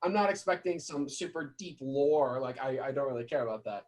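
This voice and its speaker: A young man co-hosting a casual podcast chat, excitable and joking in quick bursts. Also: mid-range voice. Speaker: podcast co-host.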